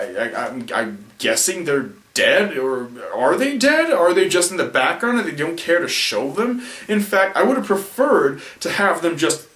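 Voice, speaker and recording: A man rambles through a casual film review, tired from the late hour and tripping over his own restarts. His voice sits a little high. The sound is roomy and distant, as if the mic were across the room. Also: fairly bright tone. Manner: rambling, self-correcting, frequent restarts and fillers. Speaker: video reviewer.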